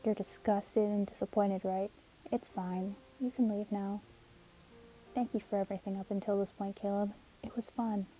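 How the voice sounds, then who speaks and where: A woman voicing a gentle, self-loathing young man named Aaron in an audio story, speaking softly and sometimes in whispers. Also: medium pitch, level tone, moderate pace, lo-fi sound, soft background music, close to an everyday voice. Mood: bitter. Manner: soft, breathy, drops to whispers. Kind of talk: audio story role-play.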